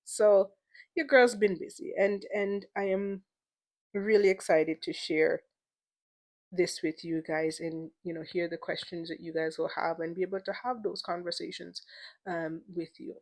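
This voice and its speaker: A woman's voice: fairly low pitch, flat delivery, measured pace, a little mellow. Young woman, solo podcast host; casual, emotional, playful, lots of repeated words.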